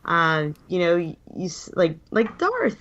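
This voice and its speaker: A woman with a cold talks casually on a call-in radio show, chatty and quick to laugh. Her voice sits low for a woman and sounds a little stuffy. The line is dull and lo-fi. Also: wildly swooping pitch, a bit bright. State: has a cold. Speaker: regular co-host.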